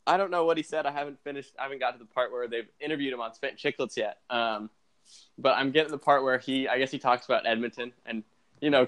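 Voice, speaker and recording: A man's voice: mid-range voice, a bit bright. A young man hosting a casual hockey podcast, rambling and chatty, with lots of fillers and restarts. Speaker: podcast host.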